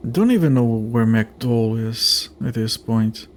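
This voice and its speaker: A man's voice: medium pitch, measured pace. A man streaming a game, chatting with viewers and thinking aloud in a rambling, casual way, sometimes swearing. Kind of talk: casual let's-play commentary.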